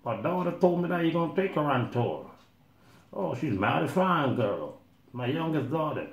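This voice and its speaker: A man's voice: fairly high pitch, very animated, moderate pace, gravelly. A man voicing a friendly, probing father who drawls easygoing questions. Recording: roomy echo.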